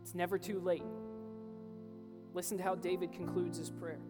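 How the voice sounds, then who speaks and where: A young pastor gives an earnest sermon that builds to emphatic peaks, though his high voice has a flat delivery at a moderate pace with frequent pauses. It was recorded in a reverberant church hall with faint music.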